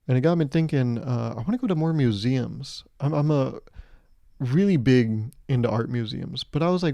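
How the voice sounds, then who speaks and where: A young man in his twenties talks through a solo podcast episode, rambling from one thought to the next and acting out little quoted lines to poke fun at himself. His voice is mellow and a touch dark, and the recording is dry and close. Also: mid-range voice, lively intonation, normal speed, creaky, no echo. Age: 20s. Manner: rambling, joking, self-mocking with acted-out quotes. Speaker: podcast host. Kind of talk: casual solo podcast monologue.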